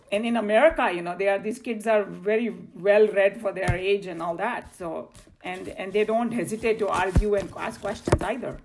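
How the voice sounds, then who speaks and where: A woman's voice: medium pitch, vocal fry. A woman with an Indian accent teaching a scripture class in a chatty, loose way, telling personal stories. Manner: chatty, loose phrasing, slips into Hindi.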